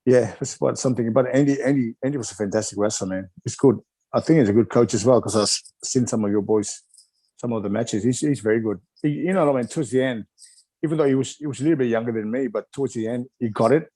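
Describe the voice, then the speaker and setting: A man's voice: mid-range voice, fast talker, mellow, breathy edge, no room sound. A middle-aged man from Wales, a retired wrestler, reminiscing in a rambling, chuckling way with lots of filler phrases.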